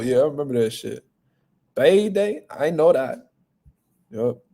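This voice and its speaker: A man's voice: medium pitch, measured pace, creaky. Profane, fired-up male boxing host. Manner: blunt, profane, animated. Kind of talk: casual chat.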